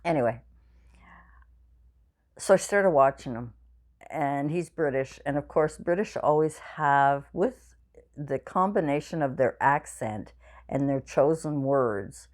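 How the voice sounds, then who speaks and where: Low-voiced woman, 60s, home vlogger; tired, yawning, rambling chatty delivery. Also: animated, slow pace, a little mellow. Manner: rambling, chatty storytelling with many fillers. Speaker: craft channel vlogger. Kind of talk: casual chat to viewers. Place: home craft room.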